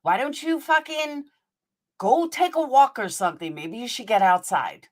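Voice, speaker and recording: A woman's voice: fairly high pitch, expressive, normal speed. A woman hosting her channel, reacting to clips in a furious, profane, sarcastic rant.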